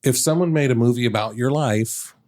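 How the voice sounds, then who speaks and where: A man's voice: medium pitch, fairly quick, a little mellow, soft background music. A middle-aged man hosting a podcast, asking numbered questions and laughing often. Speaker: podcast host. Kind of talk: casual interview.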